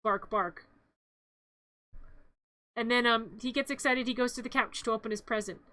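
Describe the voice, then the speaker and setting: A woman's voice: fairly high pitch, steady tone, fast, sharp tone, no echo. A woman streamer playfully narrating a comedy movie recap, rambling and interrupting herself.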